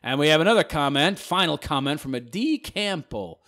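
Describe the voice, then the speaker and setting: Sarcastic male host reading out comments and mocking them, gravelly higher voice, swings widely up and down. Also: expressive, normal speed, fairly bright tone. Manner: sarcastic and mocking, laughing often. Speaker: channel host. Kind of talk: reacting to viewer comments.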